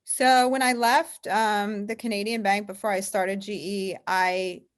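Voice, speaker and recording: A woman's voice: medium pitch, flat delivery, a little slow. A woman guest on an interview, a firm founder, telling stories casually and full of fillers. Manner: chatty, frequent "like" and "um" fillers.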